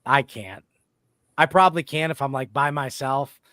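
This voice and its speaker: A man's voice: medium pitch, moderate pace, sharp tone, no echo. A man hosting a podcast in a casual, rambling way, often breaking off and restarting his sentences. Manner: rambling, self-interrupting. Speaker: podcast host. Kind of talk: casual chat.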